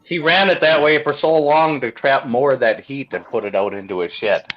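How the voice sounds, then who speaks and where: A man's voice: mid-range voice, normal speed. Chatty panelist, a man who teases and laughs a lot, dull audio. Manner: laughs often, teasing. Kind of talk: casual chat.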